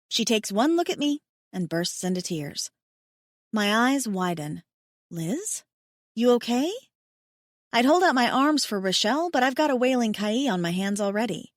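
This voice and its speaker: A woman narrating a first-person romance audiobook, expressive, wry and emotional. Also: on the high side, dry recording, studio quality.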